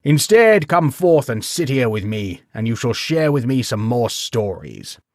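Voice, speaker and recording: A male storyteller voicing a jovial noble lord with a rich baritone, loud and hearty in his welcome. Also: sing-song, unhurried, no room sound, studio quality.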